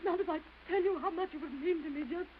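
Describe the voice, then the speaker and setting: A woman's voice: extremely high pitch, fast talker, narrow, tinny audio, a crowd in the background. An actress playing a disgraced wife who begs tearfully to see her son, in theatrical early film style, on an old hissy soundtrack. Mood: pleading. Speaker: estranged wife. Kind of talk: early 1930s film acting.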